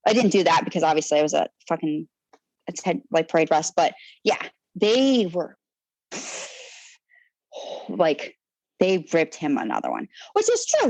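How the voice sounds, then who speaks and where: A woman's voice: mid-range voice, sing-song, normal speed, no room sound, rough recording. A young woman who served in the Navy, telling her own story on a podcast in a blunt, profanity-heavy way, rambling with restarts. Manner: rambling with restarts and trailing fillers. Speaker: podcast guest, Navy sailor. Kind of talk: candid personal storytelling.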